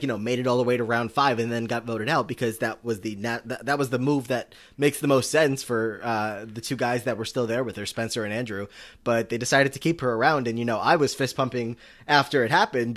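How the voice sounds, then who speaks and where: A man's voice: mid-range voice, a bit bright. Rambling male podcast co-host. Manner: rambling with many fillers and restarts; struggles over name pronunciations. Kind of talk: casual podcast recap chat.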